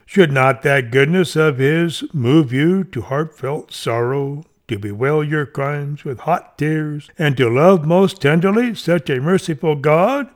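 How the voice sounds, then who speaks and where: A man with a slightly high voice reads an old-fashioned sermon. He is solemn and emphatic and pushes hard on the key words. It sounds like a steady, deliberate reading. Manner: solemn, emphatic, rising on each "therefore". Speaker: reader of a devotional text. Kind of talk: read devotional sermon.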